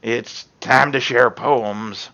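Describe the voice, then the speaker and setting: A man playing a visual novel, reading its lines aloud and adding sarcastic, quick reactions with some swearing. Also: mid-range voice, steady tone, sharp tone, highs cut off. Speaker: let's play gamer.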